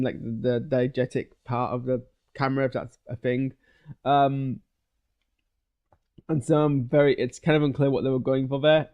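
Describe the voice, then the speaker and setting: A man's voice: medium pitch, highs cut off. A man giving a casual spoken film review, rambling and hesitant with many restarts. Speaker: video creator reviewing a film. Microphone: streaming webcam setup.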